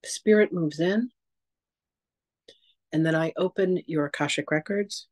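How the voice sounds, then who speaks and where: A woman teaching a casual masterclass, telling stories in a chatty, animated way and acting out quotes. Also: low voice, unhurried, poor audio. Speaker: psychic teacher.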